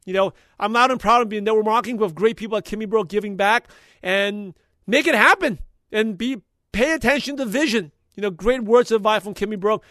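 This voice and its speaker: A man hosting a podcast, recapping an episode in an energetic, motivational way and talking fast when passionate. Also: high-pitched, no room sound, studio quality. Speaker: podcast host.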